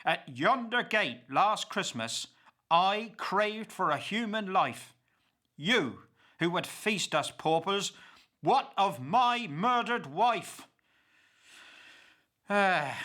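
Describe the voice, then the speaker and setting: Man voicing an old pauper: bitter, accusing, very slow, a high and sharp voice. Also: sing-song, heavily acted. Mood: scornful. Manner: slow, declamatory and impassioned. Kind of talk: dramatic verse recitation.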